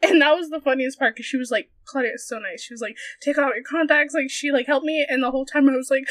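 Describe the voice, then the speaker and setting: A woman's voice: sits high, quick pace, few pauses, no room sound. A young woman telling a convention party story in casual podcast chat, giggling often and filling her talk with "like". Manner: giggly, animated storytelling with many fillers.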